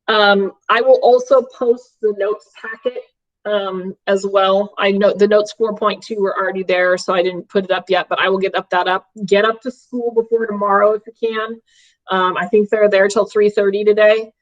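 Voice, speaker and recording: A woman's voice: mid-range voice, steady tone, normal speed. A woman math teacher giving a live online class from home, upbeat and checking in with her students often. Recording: dull lo-fi stream audio.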